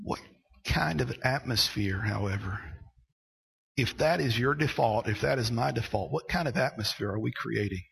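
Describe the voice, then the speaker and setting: A man preaching a sermon, going from quiet storytelling to loud, shouted preaching. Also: medium pitch, normal speed, vocal fry, husky, rough recording. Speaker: pastor.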